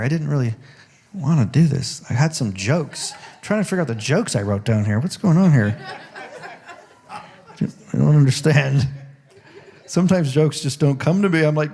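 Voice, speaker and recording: A man's voice: on the high side, lively intonation, moderate pace, creaky, pauses often, mellow, husky. Chatty male pastor preaching. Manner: conversational, jokey, laughs often. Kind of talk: sermon. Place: church sanctuary.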